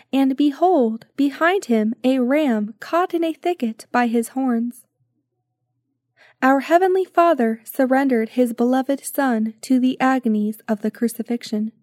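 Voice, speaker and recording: A woman giving a scripted devotional reading in a solemn, measured way. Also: high-pitched, dark tone, no echo, clean studio sound. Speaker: devotional reader.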